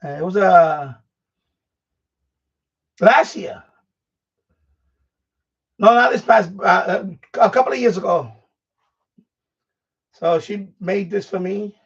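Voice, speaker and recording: Moving about his home studio as he tidies up, a middle-aged live-streamer chats in a rambling, restart-filled way, panting a bit. His voice sits high and is husky and expressive, slow-paced with vocal fry and long pauses. Audio comes through a dull, distant lo-fi microphone.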